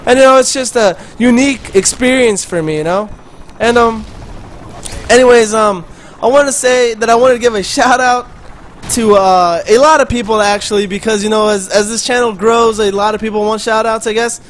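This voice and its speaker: A man's voice: high voice, fairly even intonation, moderate pace, slight background noise. A man talking casually over his own gameplay footage as host of a gaming channel, rambling and chatty, with offhand swearing.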